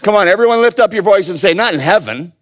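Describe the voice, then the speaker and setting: A man teaching a Bible study in a lively, joking way, often calling on his listeners to answer. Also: high-pitched, fast talker. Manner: animated, playful, calls out to the audience. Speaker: pastor.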